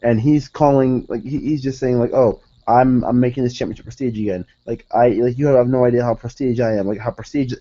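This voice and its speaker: A man reviewing a wrestling show in a casual, rambling rant, excitable and profane, often restarting his sentences. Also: medium pitch, fairly quick, hardly any pauses, muffled recording.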